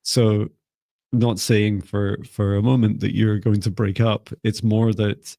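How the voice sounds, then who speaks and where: Man, low voice, slow soothing reading, gravelly, dry sound. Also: level tone, warm tone, no echo. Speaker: spiritual reader. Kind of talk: live reading and energy clearing.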